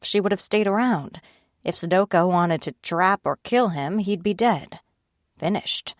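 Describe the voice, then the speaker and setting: A female audiobook narrator reads in a steady, measured way. Her voice is on the low side, and the recording is dry and studio quality.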